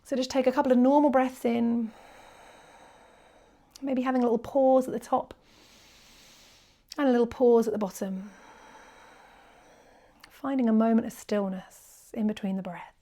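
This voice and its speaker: Gentle higher-voiced woman leading yoga. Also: steady tone, moderate pace, long pauses. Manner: soft, gentle and encouraging, slipping into near-whispers on breath counts. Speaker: yoga teacher. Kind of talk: guided yoga class instruction. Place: indoors, quiet room with birds faint outside.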